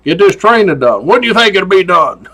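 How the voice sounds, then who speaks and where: A man voicing an unbothered veteran male trooper who talks in a slow, folksy drawl. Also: sits high, big pitch swings, pushed and bright, slightly rough, exaggerated voice.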